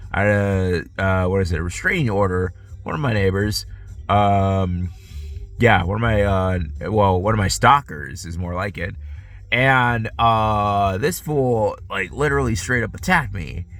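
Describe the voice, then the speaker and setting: A man's voice: on the low side, fairly bright tone. A man with a stuffy nose, drowsy, rambling in a profane casual monologue full of fillers and restarts, recorded outdoors on a phone. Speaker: vlogger.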